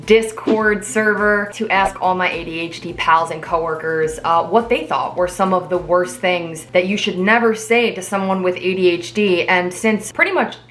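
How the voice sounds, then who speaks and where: A woman's voice: lowish voice, moderate pace, hardly any pauses, fairly bright tone. A woman in her thirties talking straight to camera on her video channel, chatty and self-deprecating, with sarcastic, playful asides. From New Jersey. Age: 30s. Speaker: YouTube creator. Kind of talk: casual talking-head vlog.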